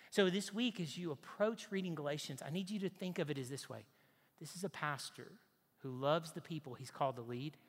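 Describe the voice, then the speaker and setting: A man delivers a sermon in a somewhat high voice, emphatic and direct. He keeps asking the congregation questions and repeating his main points. His voice rings with the long reverb of a large church hall. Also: a bit bright. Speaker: preacher.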